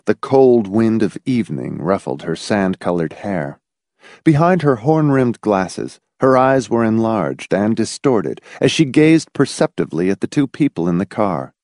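A man reads a novel aloud as its narrator, with an expressive storyteller's delivery. His pitch moves a lot, and the mid-range voice sits close in a dry recording with no room sound. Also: unhurried, no room sound. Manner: expressive storyteller, voicing several characters. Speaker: audiobook narrator. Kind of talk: scripted narration.

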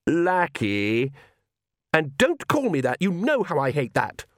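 A man's voice: a little high, huge pitch swings, takes it slowly, no echo, clean studio sound, voice pushed up, full character voice. A man reading an audiobook, voicing a pompous male vampire father who speaks stiffly and formally, exasperated. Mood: irritated.

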